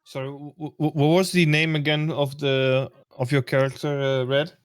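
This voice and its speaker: A man playing a tabletop role-playing game, speaking hesitantly with halting restarts. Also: fairly high pitch, flat delivery, clear, resonant tone, dry recording. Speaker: player. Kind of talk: casual tabletop game play.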